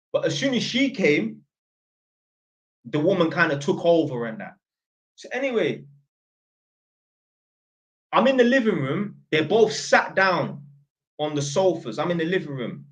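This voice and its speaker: Over poor audio, a young North London man with a slightly high voice hosts his channel, telling a story and ranting to viewers in a blunt, slangy, opinionated way.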